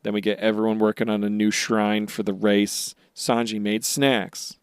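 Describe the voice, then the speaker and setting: A man's voice: lowish voice, flat delivery, normal speed, clean tone, no room sound, clean studio sound. A man co-hosting a podcast, recapping episodes in casual chat and jokingly acting out characters' lines. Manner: jokey, acts out characters' lines mid-recap. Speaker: podcast co-host.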